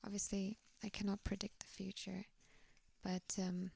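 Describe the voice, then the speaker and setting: Soft-spoken woman giving a tarot reading. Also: medium pitch, monotone, moderate pace, gravelly, husky, dry recording. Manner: soft, gentle and reassuring, often drops to a whisper. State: slightly tired voice. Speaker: tarot card reader. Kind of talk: pick-a-card tarot reading.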